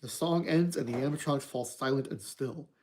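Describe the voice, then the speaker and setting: A streamer narrating an interactive horror book for an online audience. The voice has a mellow, darker tone, and the reading is steady and even. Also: medium pitch, a little fast. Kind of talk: reading a story aloud on stream.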